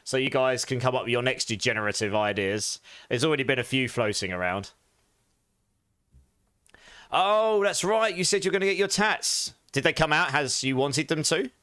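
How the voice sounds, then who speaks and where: A man's voice: mid-range voice, animated, moderate pace, pushed and bright, no echo. Male game streamer, loose chat with frequent laughs, dry close-up sound. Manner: chatty, greets viewers, laughs often. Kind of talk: casual live stream chat while gaming.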